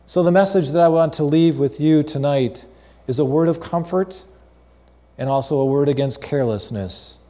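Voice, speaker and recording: A man's voice: a little high, normal speed, mellow. A man preaching an evening sermon, reading a children's story aloud and lifting his voice for the characters.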